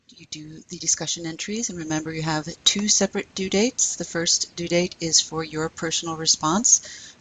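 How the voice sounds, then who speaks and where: A middle-aged woman teaching a recorded French lesson, patiently explaining step by step and saying French phrases slowly for her students. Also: deep voice, fairly bright tone, slight background noise, rough recording.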